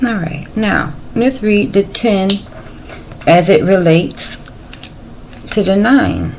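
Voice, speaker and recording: A woman's voice: medium pitch, lively intonation, slow pace, vocal fry, pauses often, a little mellow, a little hiss or hum, low-quality recording. A middle-aged woman giving a casual tarot reading, chatty and folksy with playful asides. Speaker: tarot reader.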